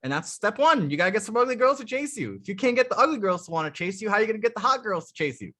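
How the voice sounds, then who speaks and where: A man running a live dating coaching session, talking bluntly with profanity and animated storytelling. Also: high voice, very fast.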